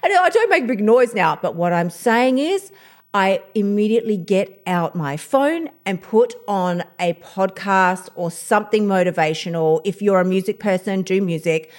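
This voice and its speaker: A woman's voice: medium pitch, lively intonation, normal speed. A woman hosting a motivational podcast, blunt and fired up, swearing freely as she talks about her routine. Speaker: podcast host.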